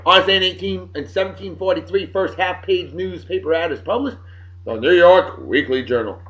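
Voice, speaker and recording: A man from Massachusetts, running through historical events of the day in a loud, jokey, opinionated way. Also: high-pitched, a little fast, dull audio. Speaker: video blogger. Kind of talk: casual daily history rundown.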